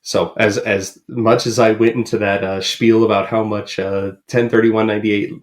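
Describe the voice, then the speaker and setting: A man's voice: fairly low pitch, little pitch movement, moderate pace. A man co-hosting a podcast in casual chat, rambling with many ums and uhs. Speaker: podcast co-host.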